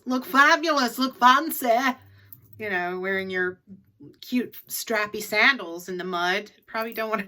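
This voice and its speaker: Woman, middle-aged, casual advice vlog, chatty, repeats her points, bright tone. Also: medium pitch. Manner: chatty, repeats key tips for emphasis. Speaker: reseller vlogger.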